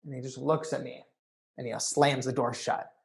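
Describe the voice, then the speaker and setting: Man telling an animated story. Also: medium pitch, moderate pace, gravelly. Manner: animated storyteller, often says "you know". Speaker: conference keynote speaker. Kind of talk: storytelling talk.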